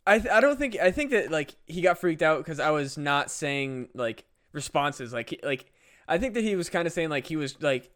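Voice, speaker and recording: A man's voice: medium pitch, fairly bright tone. A young man, a podcast co-host, telling a casual story with lots of fillers and swearing. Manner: rambling, profane, many fillers.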